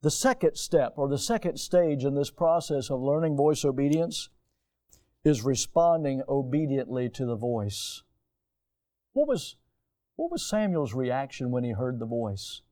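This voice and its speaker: A middle-aged male pastor preaching a sermon, emphatic and fond of rhetorical questions, swinging between loud and hushed delivery. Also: mid-range voice, animated, unhurried.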